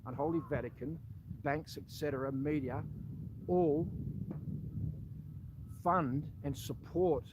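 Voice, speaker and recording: A man's voice: on the high side, moderate pace, noisy background. A man with an Australian accent, a former army soldier, making a direct-to-camera appeal that confronts the listener and keeps calling him "mate".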